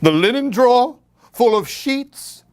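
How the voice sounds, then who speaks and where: A man voicing a mischievous but timid clacking skeleton in a children's Halloween story, with loud, eager exclamations. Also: very high-pitched, expressive, measured pace, voice pushed up. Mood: scared.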